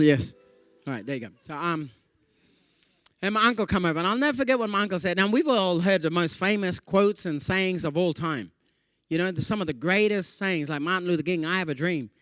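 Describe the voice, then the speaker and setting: An Australian man with a fairly high voice delivers a stand-up style keynote, bouncing his delivery around as he acts out everyone in his anecdotes. He keeps checking in with the crowd with little "yeah?" tags, and the sound is dry and close. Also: smooth, no room sound. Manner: animated, jumpy delivery with playful voices for quoted people; chatty, with frequent "yeah?" and "you know" tags. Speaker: comedian giving a conference keynote. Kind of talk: stand-up comedy storytelling to a live audience.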